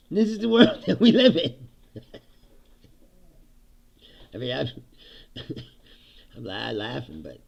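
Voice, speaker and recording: Gravelly, laughing man ranting on a livestream. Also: medium pitch, huge pitch swings, very slow, long pauses, darkish tone, dull audio. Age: middle-aged. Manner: sarcastic, laughs often, swears, mimics others. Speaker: livestream host. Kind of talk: casual political commentary livestream.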